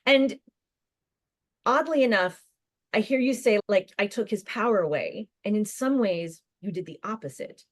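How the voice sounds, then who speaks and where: Woman therapist guest, mid-pitched, dry close mic, quick explanatory bursts. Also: lively intonation, no echo. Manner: warm, explanatory, speaks in quick bursts with restarts. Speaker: licensed counselor, guest. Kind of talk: conversational podcast interview.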